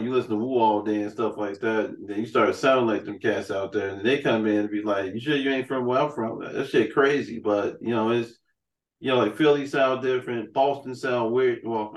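A man's voice: lowish voice, fairly even intonation, fairly quick, roomy sound, recorded from a distance. A man hosting a podcast, telling loose, profanity-heavy road stories in casual chat. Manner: loose, profane storytelling with frequent "man" and "you know". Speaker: podcast host.

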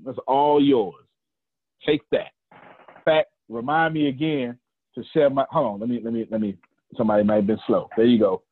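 Husky Southern man coaching over a call. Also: mid-range voice, normal speed. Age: 40s. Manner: folksy, repeats phrases, counts down, teases listeners. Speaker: coach hosting a group call. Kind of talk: animated motivational coaching. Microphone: video call. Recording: phone-like lo-fi call audio.

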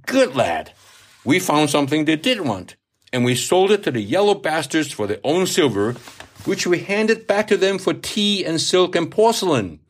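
A man's voice: fairly high pitch, big pitch swings, moderate pace, voice pushed up. A man playing a coarse old sea captain. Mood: boastful. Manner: coarse, swearing, lecturing. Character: crude hard-drinking older male sea captain. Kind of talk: audiobook reading.

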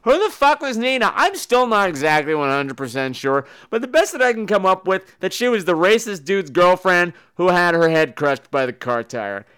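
A man's voice: high voice, very animated, normal speed, few pauses, fairly bright tone, clear, resonant tone. A man hosting a podcast, reviewing movies in a profane, sarcastic comedic rant. He swears freely and mimics the people he talks about. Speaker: podcast host reviewing films.

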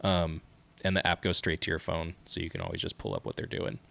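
A man in his thirties, co-hosting a parenting podcast in casual chat, telling animated stories with laughs. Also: sits low, brisk, creaky. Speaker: podcast co-host.

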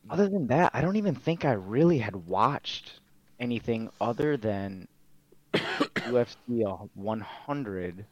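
Here the young man, an MMA fighter and streamer appearing as a guest, sounds animated but speaks slowly at a medium pitch. He tells stories casually, cursing freely and leaning on fillers, in a dull lo-fi recording with no room sound.

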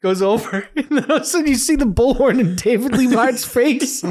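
Animated man telling a story. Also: very high voice, brisk. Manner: animated storytelling, laughing often. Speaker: podcast host. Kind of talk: casual chat.

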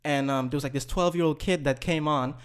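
Young guy, casual podcast storyteller, slightly high voice, lively and profane. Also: a little fast, clear, resonant tone. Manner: animated, swearing, laughing mid-story. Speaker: podcast guest telling a story.

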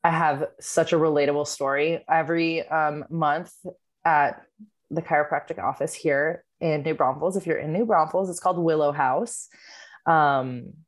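A woman's voice: deep voice, fairly even intonation, moderate pace. A woman speaking as a podcast guest, telling stories in a blunt, candid, casual way and swearing freely. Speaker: guest, runs a birth support group. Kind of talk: casual storytelling in a podcast chat. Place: works at a chiropractic office.

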